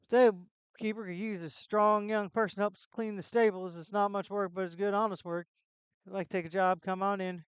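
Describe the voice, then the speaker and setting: A woman's voice: medium pitch, fairly even intonation, a little fast, clean tone, dry recording, close to an everyday voice. A woman reading as a plainspoken castle gatekeeper. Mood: informative. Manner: plain game-text reading.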